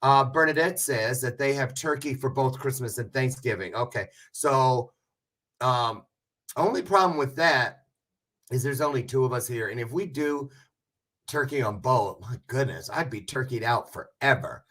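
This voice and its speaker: A man's voice: medium pitch, moderate pace, fairly bright tone. A man hosting a casual livestream, chatting with viewers in a rambling, joking way with self-aware asides. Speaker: livestream host.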